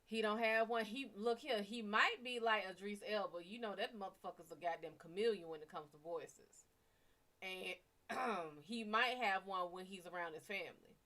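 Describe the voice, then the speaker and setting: A woman's voice: medium pitch, normal speed, bright, forceful tone. A woman with a Cajun-tinged accent, chatting casually on a livestream as a psychic reader, rambling and profane with laughing asides.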